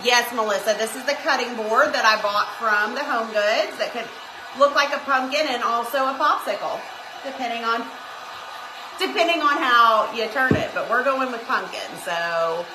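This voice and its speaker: A middle-aged woman from Tennessee with a Southern accent, chatting warmly with viewers by name while hosting a live craft demo. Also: a little high, moderate pace. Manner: chatty, greets viewers by name, says y'all. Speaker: craft livestream host. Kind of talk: casual livestream chat and craft demo. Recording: echoey room, faint background hum.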